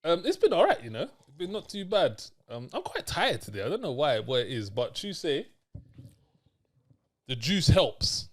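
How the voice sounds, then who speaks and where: A young man from hosting a podcast, loud, playful and swearing as he jokes with his co-host. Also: on the high side, huge pitch swings, moderate pace. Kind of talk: casual banter.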